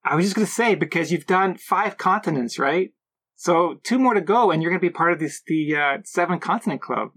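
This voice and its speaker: A man co-hosting a podcast, chatting in a relaxed, slightly rambling way. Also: high-pitched, fairly quick. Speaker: podcast co-host. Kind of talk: casual interview chat.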